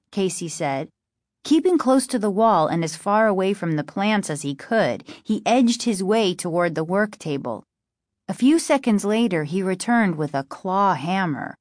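Female audiobook narrator, unhurried, measured delivery, dry studio sound. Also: medium pitch, dry recording. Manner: measured, steady storytelling. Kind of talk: scripted narration.

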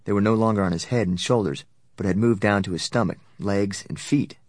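A man narrating a novel in a steady, even storytelling voice that sits low. The recording is dry and close, with no room around it. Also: fairly quick, no room sound. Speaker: audiobook narrator. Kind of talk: scripted narration.

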